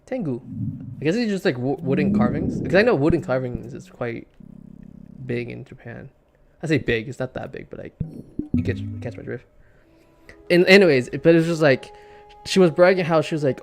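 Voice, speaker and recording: A man's voice: medium pitch, expressive, fairly quick, vocal fry, pauses often, soft background music. A man streaming a game and talking casually, rambling with stammering restarts, repeated words and casual swearing. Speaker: gaming streamer. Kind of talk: casual commentary while gaming.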